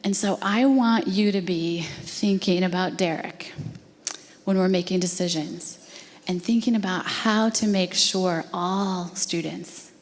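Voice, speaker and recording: A woman's voice: fairly low pitch, unhurried. A woman telling an earnest, emotional story to a live audience at an education talk. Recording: long hall reverb.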